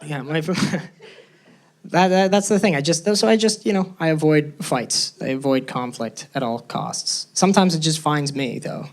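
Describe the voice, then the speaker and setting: A young man performing stand-up comedy on a club stage, nervous and self-deprecating, jumping into squeaky tones for punchlines. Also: a little slow. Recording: live crowd laughing. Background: audience laughter.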